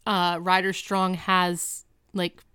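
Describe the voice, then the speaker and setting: Female podcast co-host in her thirties, smooth voice, dry close sound, chatty episode recap. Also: fairly low pitch, slow pace, no echo. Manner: chatty, animated retelling with quoted voices. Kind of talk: casual chat recapping a TV episode.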